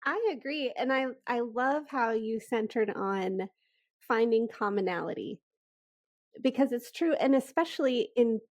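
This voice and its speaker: A woman's voice: fairly high pitch, expressive, measured pace, no echo. A woman hosting a podcast interview, agreeing often and affirming her guest. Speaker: podcast host. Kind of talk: conversational interview.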